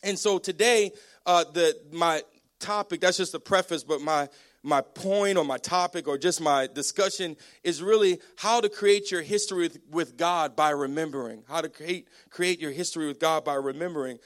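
A man preaching a sermon as a pastor, energetic and storytelling, with many restarts. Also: fairly high pitch, moderate pace.

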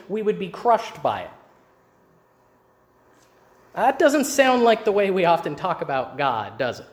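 Guy pastor preaching, pretty high voice, leans on his points, asks the room questions. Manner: emphatic teaching with rhetorical questions. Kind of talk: sermon.

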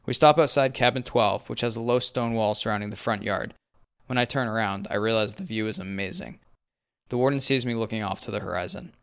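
Low, smooth-voiced young male storyteller. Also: brisk, a bit bright. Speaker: narrator. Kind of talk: first-person story narration.

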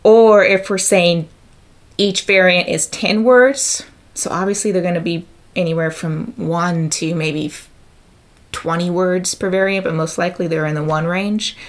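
A woman's voice: on the low side, fairly even intonation, measured pace. A woman giving a methodical explanatory talk, working through examples and figures step by step. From United States.

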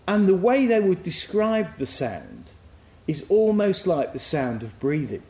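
A man's voice: high voice, very animated, measured pace, dark tone, echoey room. A man giving a sermon in a reflective, musing, conversational way. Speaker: preacher.

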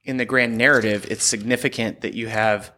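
A podcast co-host in casual chat, calmly tying the discussion together. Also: medium pitch, a little fast.

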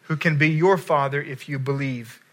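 A man's voice: a little high, normal speed, fairly bright tone, natural voice. A male preacher voicing a resolute teacher who gives a follower a mission, in urgent commanding words.

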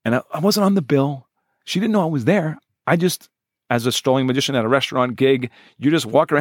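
Man, 40s, fast-talking animated storyteller, mid pitch, dry close mic. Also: no echo. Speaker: guest, professional magician. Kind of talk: storytelling in a podcast interview.

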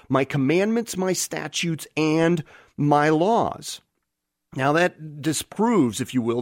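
A man's voice: medium pitch, no room sound, clean studio sound. A man preaching a sermon, reading scripture aloud and listing verse references, with some restarts.

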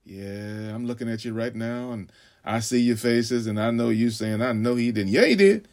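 A man preaching a sermon, calling out "huh?" to the congregation, stammering on repeats and swinging from shouts to hushed asides. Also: medium pitch, moderate pace. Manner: call-and-response, frequent "huh?"; stammering repeats when building. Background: congregation laughing.

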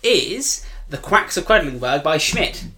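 A man co-hosting a casual board game chat, quick and rambling, often restarting his sentences. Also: on the high side, sing-song, bright, forceful tone. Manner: quick, rambling, self-correcting. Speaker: board game podcast co-host.

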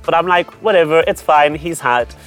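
A young man co-hosting a podcast, telling a dating story in a teasing, animated way. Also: a little high, normal speed, faint music behind. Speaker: podcast co-host. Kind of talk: casual chat, storytelling.

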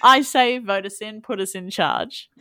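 A woman's voice: mid-range voice, measured pace, background noise. A woman co-hosting a podcast, bubbly and jokey, laughing a lot. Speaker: podcast co-host. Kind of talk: casual podcast chat.

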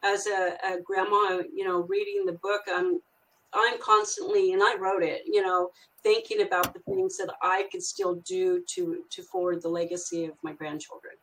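A woman's voice: medium pitch, moderate pace, a bit bright, rough recording. An older woman, a grandmother and children's author, telling a story in a rambling way with many fillers and restarts. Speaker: guest author. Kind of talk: casual storytelling interview.

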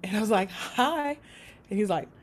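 A woman guest telling a story about her work in an interview, animated and laughing often. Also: mid-range voice, a little slow. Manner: animated, laughs often, acts out quoted voices. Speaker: support worker for people with autism.

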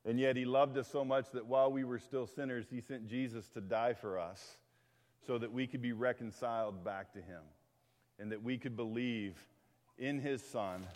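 A man's voice: medium pitch, steady tone, normal speed, darkish tone. Conversational male pastor in a reverberant hall. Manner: conversational, with frequent restarts and asides. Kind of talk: sermon. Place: church sanctuary. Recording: long reverb of a large hall.

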